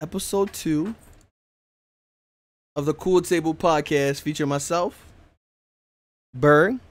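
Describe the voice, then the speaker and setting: Male podcast host, casual and relaxed, slightly higher voice, repeats lines. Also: measured pace. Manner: laid-back, laughs often, repeats himself. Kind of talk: casual chat.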